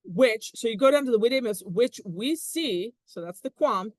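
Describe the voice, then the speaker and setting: A woman teaching a Latin text in a chatty, animated way, with frequent laughs. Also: on the high side, moderate pace, no echo. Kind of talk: casual classroom explanation.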